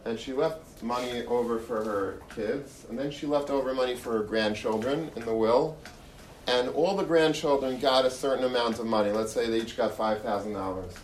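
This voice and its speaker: A Torah lecturer gives an earnest, story-driven talk, frequently repeating and restarting phrases, in a medium-pitched voice at normal speed. The recording sounds echoey, with the mic far away and faint noise.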